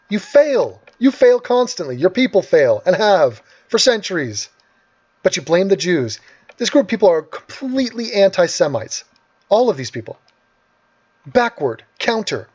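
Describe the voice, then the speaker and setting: A man's voice: sits high, a little mellow, breathy edge, lo-fi sound. A man hosting an angry, sarcastic and profane rant over video clips. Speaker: host.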